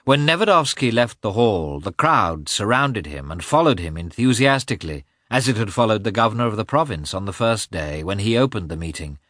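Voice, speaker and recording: Low, lively male audiobook narrator. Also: no echo, clean studio sound. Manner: measured, expressive reading. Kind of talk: scripted narration of a classic novel.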